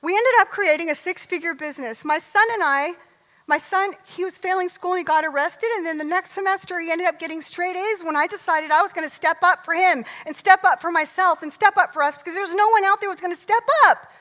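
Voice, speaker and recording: A middle-aged woman giving a motivational stage talk, lively and joking, often asking the audience questions. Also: extremely high pitch, fast. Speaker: motivational speaker. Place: large event hall. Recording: long hall reverb.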